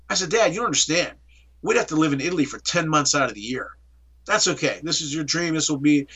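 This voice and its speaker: A middle-aged man from the Pittsburgh area, telling his story in an interview and acting out the dialogue. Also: on the high side. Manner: animated, acts out dialogue in storytelling. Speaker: interview guest.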